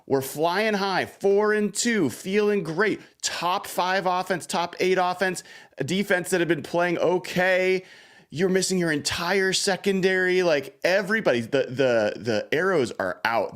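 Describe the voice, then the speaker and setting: Excitable male sports-show host. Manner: animated, exclamatory, swings high when thrilled. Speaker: podcast host.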